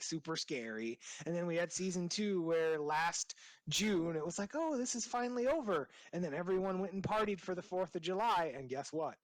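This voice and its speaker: A podcast co-host chatting casually about the news with a sarcastic, animated delivery. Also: medium pitch, no room sound, poor audio. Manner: sarcastic, animated storytelling with mocking put-on quotes. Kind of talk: casual opinion chat.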